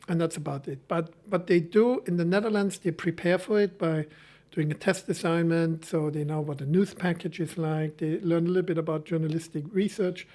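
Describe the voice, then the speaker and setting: A middle-aged man whose first language is German, a film lecturer talking casually and haltingly, correcting himself and laughing easily. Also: on the high side, darkish tone. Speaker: film school lecturer, guest. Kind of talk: casual conversation.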